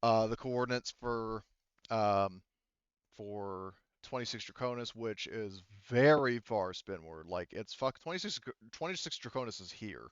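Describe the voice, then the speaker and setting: Rambling game master, smooth low voice. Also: male voice, lively intonation, a little slow, no echo. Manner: rambling, lots of fillers and restarts. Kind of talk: running a tabletop game over a call. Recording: dull lo-fi online call audio.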